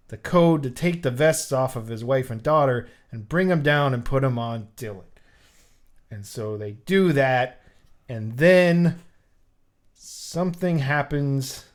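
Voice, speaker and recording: A man co-hosting a casual movie review podcast, telling the plot with animation and frequent restarts and fillers. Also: medium pitch. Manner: animated storyteller, lots of "like" and restarts. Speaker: podcast co-host.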